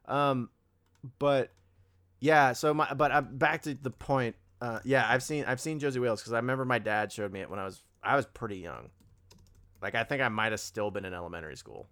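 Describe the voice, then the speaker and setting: A young man with a clear, resonant, medium-pitched voice talks a little fast while co-hosting a casual movie podcast. He rambles and corrects himself, growing animated when he gets excited.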